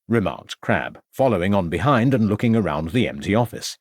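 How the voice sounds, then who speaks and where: Low-voiced male audiobook narrator. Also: lively intonation, brisk, no room sound, studio quality. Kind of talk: scripted narration.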